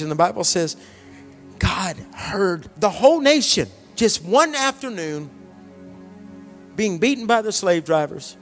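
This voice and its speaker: Man preaching over soft music. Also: high voice, expressive, moderate pace. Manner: conversational preaching with jokes and hushed sighs. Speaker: pastor. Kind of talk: sermon.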